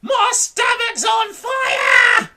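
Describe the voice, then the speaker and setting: A woman voicing a grumpy old grandmother who yells in shrill panic, as in a storybook read aloud. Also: steady tone, extremely slow, heavily acted. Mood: panicked shrieking. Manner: shrill frantic shouting.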